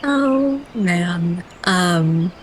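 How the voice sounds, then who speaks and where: A young woman with a lowish voice reads game dialogue aloud during a playthrough. She keeps breaking into giggles mid-sentence, and faint noise sits under the recording. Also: lively intonation, very slow. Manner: giggly, breaks into laughter while reading. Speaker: game streamer.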